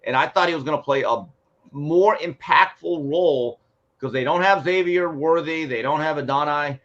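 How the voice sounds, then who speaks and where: Animated man telling sports stories, muffled. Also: a little high, moderate pace. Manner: animated storyteller acting out quotes. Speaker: sports show guest. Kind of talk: casual sports talk, storytelling. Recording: muffled lo-fi sound.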